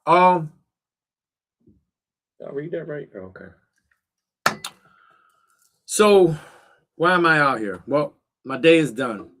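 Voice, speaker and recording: A man's voice: on the high side, lively intonation, slow pace, long pauses, noisy background. A middle-aged man chatting casually on a livestream from a cold backyard shed, talking straight to his viewers with slang and fillers. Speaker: livestream host.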